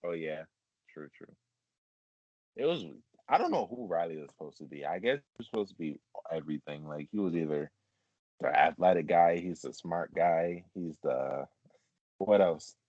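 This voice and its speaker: Deep-voiced man in rambling chat. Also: expressive, moderate pace, darkish tone, dry recording, lo-fi sound. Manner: rambling, filler-heavy, laughs often. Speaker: podcast host. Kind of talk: casual chat.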